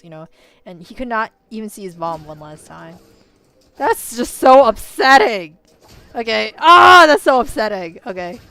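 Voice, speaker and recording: A woman in a casual, rambling commentary, full of "you know"s and self-corrections, swinging between quiet musing and loud outbursts. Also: fairly low pitch. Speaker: vlogger.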